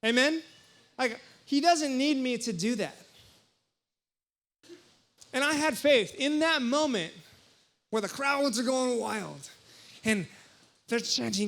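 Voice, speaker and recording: High-voiced young pastor preaching animatedly. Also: male voice, measured pace, long pauses. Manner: animated, jokey storytelling with sudden loud exclamations. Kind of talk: sermon. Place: church hall before a congregation.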